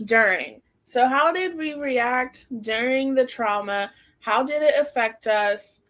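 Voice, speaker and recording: Fairly high in pitch, expressive and a little bright, a young woman takes it slowly as she co-hosts a podcast. She laughs often between sentences and says "like" plenty in the casual chat.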